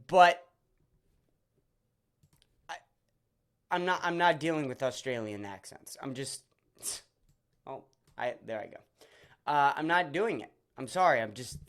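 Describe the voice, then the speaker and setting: A man's voice: a little high, a bit bright. A man hosting a solo podcast, ranting in a profane, rambling, sarcastic way with many restarts. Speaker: podcast host.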